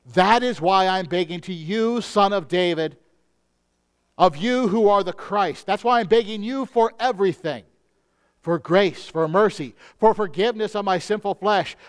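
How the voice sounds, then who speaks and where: A male pastor preaching a sermon in an earnest manner, slowing down on key phrases. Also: high voice, clean tone.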